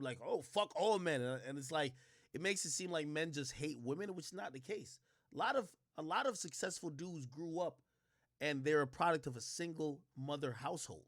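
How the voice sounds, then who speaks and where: Dry, higher-voiced man giving reaction commentary. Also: no room sound. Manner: explains at length with repeated restarts. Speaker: streamer reacting to a clip. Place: streaming setup.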